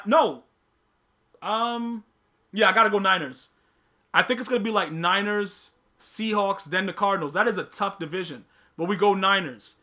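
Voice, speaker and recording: A man's voice: sits high, bright, forceful tone. A man hosting a live podcast stream, chatting casually with his viewers, using slang, repeating himself and teasing the chat.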